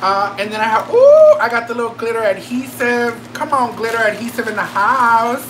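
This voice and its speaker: A woman beauty vlogger chatting through a makeup unboxing, campy and excitable, gasping, squealing and tossing in slangy asides at home. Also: fairly high pitch, brisk, a little hiss or hum, low-quality recording. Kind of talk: casual makeup unboxing chat.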